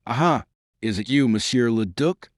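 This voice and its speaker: A man's voice: mid-range voice, moderate pace, no echo, studio quality, close to an everyday voice. A man voicing an angry, haughty queen who speaks with cold sarcasm in an audiobook reading. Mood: sarcastic.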